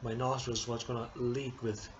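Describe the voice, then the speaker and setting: A young man vlogging a casual personal update, halting and hesitant, tearful as he talks. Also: medium pitch, little pitch movement, dull audio, noisy background. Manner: halting, hesitant, many restarts and apologies.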